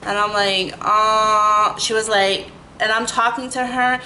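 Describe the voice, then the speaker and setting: Brief: woman, storytime vlogger, animated and profane, filler-heavy. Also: on the high side, moderate pace, slight background noise, poor audio. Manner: animated, heavy 'like' fillers, swears freely. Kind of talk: casual storytime rant.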